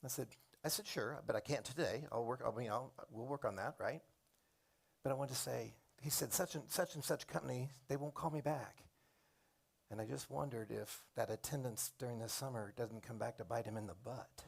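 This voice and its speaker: A man's voice: mid-range voice, fairly quick, vocal fry, husky. A middle-aged man, a program coordinator and former teacher, giving a chatty, digressive classroom orientation and calling on students by name.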